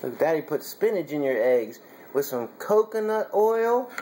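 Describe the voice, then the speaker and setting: A man's voice: fairly high pitch, very animated, normal speed, mellow, slight background noise. A man feeding his young child at home, coaxing him to say words and laughing often. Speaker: father feeding his toddler. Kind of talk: casual home video chat.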